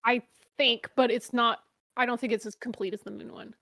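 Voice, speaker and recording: Woman, slightly high voice, casual chat, teasing, chatty co-host. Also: fairly even intonation, brisk, fairly bright tone. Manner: teasing, chatty, laughs easily. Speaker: co-host reacting to a video.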